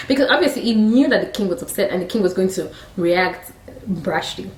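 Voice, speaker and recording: A Nigerian woman retells a Bible story casually and with animation, dropping in chatty, laughing asides. Her voice sits at a middling pitch. The recording sounds roomy, with the mic some way from her. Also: animated, a little fast, recorded from a distance. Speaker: faith storyteller, vlogger.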